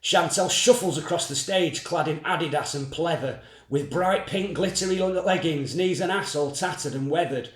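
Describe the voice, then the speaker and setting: A man performing dark comedic spoken word in scathing, sardonic rhyming verse. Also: on the high side, normal speed, few pauses, roomy sound.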